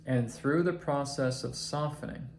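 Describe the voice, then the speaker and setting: A man teaching a self-help process, talking slowly and deliberately and counting breaths aloud. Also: mid-range voice. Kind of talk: guided instructional talk. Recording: echoey room with faint noise.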